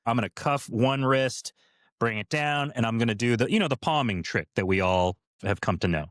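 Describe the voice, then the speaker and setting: A man's voice: medium pitch, normal speed, fairly bright tone, dry recording, clean studio sound. A middle-aged man co-hosting a podcast, telling stories in a casual chat with many fillers and restarts. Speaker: podcast co-host, former cast member.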